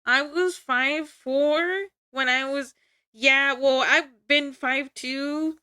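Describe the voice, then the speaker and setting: A woman's voice: high voice, fairly even intonation, very slow, bright, forceful tone, no echo, studio quality. A young woman streaming from home, chatting casually with her chat, play-acting anger and laughing often. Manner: playful mock-angry banter with frequent laughs.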